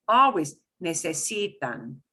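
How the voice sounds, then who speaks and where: Bright, playful woman teaching a lesson. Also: on the low side, drawn-out words. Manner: animated, playful exclamations while explaining. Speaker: Spanish teacher. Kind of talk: online beginner language lesson.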